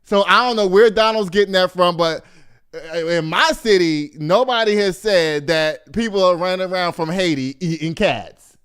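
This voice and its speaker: A man from Texas, hosting a casual commentary show in an animated, profane and mocking way. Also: sits high, moderate pace, clear, resonant tone. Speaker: host.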